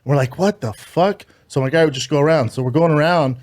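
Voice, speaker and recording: A man hosting a podcast, retelling a story in an emotional, profane, animated way with acted quotes. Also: fairly high pitch, very fast. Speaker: podcast host.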